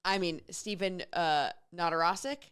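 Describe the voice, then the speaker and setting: Female co-host for casual morning banter, playful and quick, low-pitched. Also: fairly bright tone, clean tone. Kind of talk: casual radio show banter.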